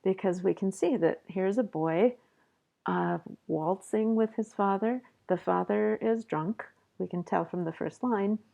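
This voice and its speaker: A middle-aged woman professor giving a measured, explanatory poetry lecture and reading a poem aloud. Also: medium pitch, gravelly, mellow, highs cut off. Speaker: college professor.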